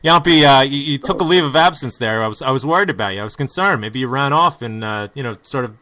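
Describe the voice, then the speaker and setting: Bright-voiced stammering male host. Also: medium pitch, expressive, quick pace. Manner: hesitant, stammering. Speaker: podcast host. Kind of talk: casual podcast chat.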